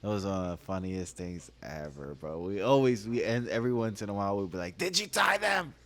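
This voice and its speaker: A man's voice: low-pitched, fast talker, darkish tone. A man, a comedian, telling stories in a casual podcast chat, slangy and laughing as he goes. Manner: laid-back, slangy, peppers speech with "bro" and "dog".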